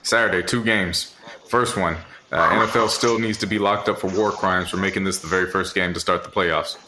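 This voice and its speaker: A laid-back man co-hosting a podcast, talking in a lowish voice as he runs through the topics with dry jokes. Steady noise sits behind his recording. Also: brisk. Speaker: podcast co-host. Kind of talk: casual chat. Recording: noisy background.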